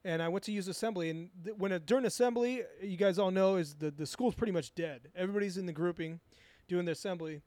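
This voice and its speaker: This podcast co-host is a young man from Southern California with a high, somewhat mellow voice and a quick delivery, recorded with no room sound. In a casual conversation, he spins a crude, meandering tale full of profanity.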